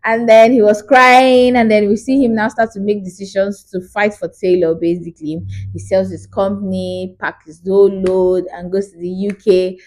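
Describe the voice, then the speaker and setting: A woman, chatting through a casual movie review vlog in an animated, storytelling way. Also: medium pitch, moderate pace, few pauses.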